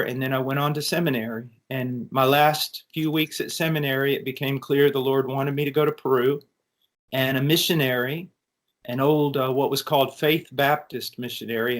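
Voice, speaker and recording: A middle-aged American man giving an earnest, animated personal testimony in conversation, with frequent restarts. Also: mid-range voice, normal speed. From United States. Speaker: interview guest.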